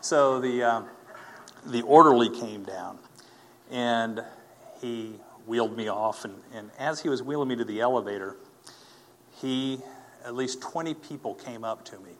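A man telling a personal faith testimony as a story, earnest and animated, acting out the people he quotes. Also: medium pitch, a little slow, a little hiss or hum. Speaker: speaker giving a personal testimony.

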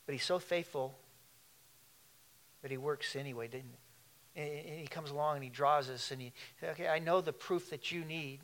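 Man, pastor preaching, animated, laughing asides, fairly high voice. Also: moderate pace, pauses often. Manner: animated, laughing asides, shifts between loud and hushed. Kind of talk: sermon.

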